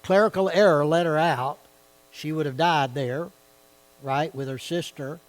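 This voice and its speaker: A man leads a Bible study in a church. His voice sits a little high for a man. He talks in a conversational way and keeps checking in with his listeners. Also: unhurried, rough recording. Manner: conversational, asks the audience questions.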